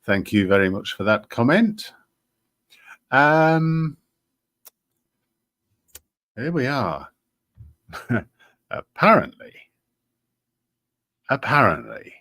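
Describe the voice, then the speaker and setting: A man's voice: fairly low pitch, very animated, very slow, pauses often, a bit bright. A man hosting a live stream, chatting casually with many ums and restarts. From Britain. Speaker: livestream host.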